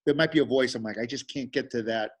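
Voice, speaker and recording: A man's voice: mid-range voice, quick pace, slight background noise. A man hosting an interview who asks questions with stumbling restarts. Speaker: host.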